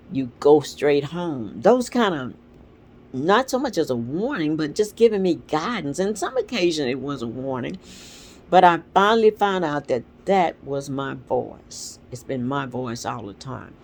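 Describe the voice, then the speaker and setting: Sex: woman. Style: casual vlog reflection. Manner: earnest and rambling, pitch rising and falling a lot. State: stuffy sinuses. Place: home. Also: moderate pace, vocal fry. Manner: earnest, rambling, animated storytelling. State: congested sinuses. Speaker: vlog host. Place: at home with a dog nearby.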